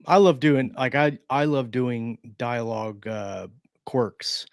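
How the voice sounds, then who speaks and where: A man's voice: mid-range voice, slow, no echo. Chatty man, dry close sound. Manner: chatty, loose, many fillers and restarts. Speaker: co-host of a writing sprint stream. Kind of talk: casual chat about writing.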